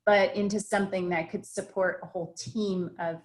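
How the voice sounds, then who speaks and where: A woman's voice: medium pitch, fairly even intonation, normal speed. A woman restaurant owner telling a story in a video call interview, reflective, with frequent fillers and restarts. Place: home office at a computer.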